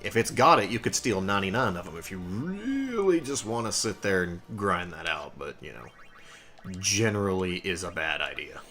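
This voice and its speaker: A man's voice: deep voice, sing-song, moderate pace, pushed and bright. A young man casually commenting on his gameplay and explaining game mechanics. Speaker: let's play host. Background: game music.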